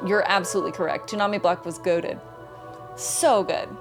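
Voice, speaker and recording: A woman's voice: lowish voice, steady tone, moderate pace, music in the background. A young adult woman streaming a game, casually chatting, greeting and thanking viewers by name and reading their messages aloud. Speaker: gaming streamer. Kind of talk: casual live-stream chat.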